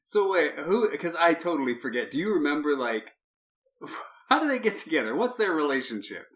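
A man co-hosting a casual movie podcast, with a bright, forceful tone at an ordinary pitch. He swears freely, jokes and laughs often as he riffs on the film. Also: sing-song, moderate pace. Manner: profane, joking, laughs often. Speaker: podcast co-host.

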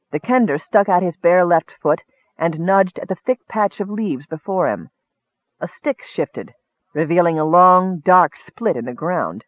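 A man narrating a fantasy story in steady, vivid audiobook style. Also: high voice, unhurried, no echo. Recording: dry, narrow phone-like sound.

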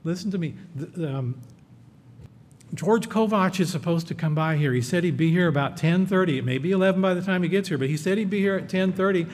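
A man voicing a steady man calmly reassuring a panicking friend that help is on the way. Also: a little fast. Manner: steady, patient, insistent. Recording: echoey hall, faint rumble.

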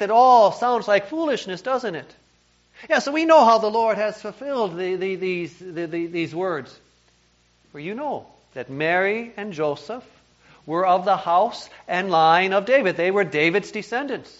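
A man with a fairly high voice preaches a sermon, earnest and emphatic, now and then stumbling over a repeated word. The recording is dull and lo-fi, made in a church. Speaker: pastor.

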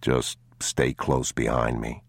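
A man voicing a weary, grim father who speaks to his son in low, clipped words in an audiobook. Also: little pitch movement, slow pace, gravelly, husky, dry recording, heavily acted.

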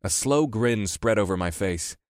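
Man, audiobook narrator, fairly low voice, wry easygoing telling, dry close sound. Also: lively intonation, unhurried, no room sound. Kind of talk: first-person audiobook narration.

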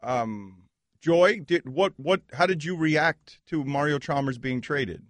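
A man's voice: fairly high pitch, takes it slowly, dry recording. A man hosting a casual sports talk show, steering the conversation with a mock-stern manner. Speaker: show host.

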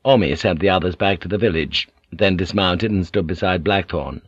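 A man in scripted narration, reading an audiobook in a measured, even way. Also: sits low, no echo. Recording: dull lo-fi audiobook recording.

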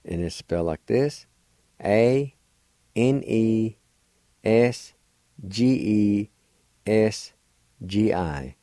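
A man's voice: fairly low pitch, lively intonation, very slow, pauses often, mellow, no room sound. An older man from Oklahoma, patiently spelling and pronouncing words letter by letter as a radio language teacher. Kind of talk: slow spelling and pronunciation lesson.

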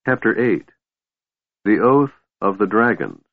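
A man with a very low voice reads a fantasy story aloud at a steady pace. The sound is thin and phone-like. It is dry, with no room around it. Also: unhurried, no echo. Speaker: audiobook narrator. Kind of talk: scripted fantasy narration.

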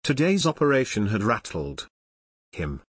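A man reading scripted true-crime narration in a measured, expressive storytelling manner. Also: on the low side, husky, no room sound, clean studio sound.

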